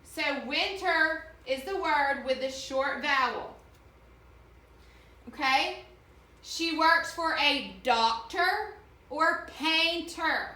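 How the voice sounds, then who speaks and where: Slow, bright-voiced woman teacher, echoey room. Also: high-pitched. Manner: slow, clearly sounding out vowels. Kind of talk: online reading lesson for children.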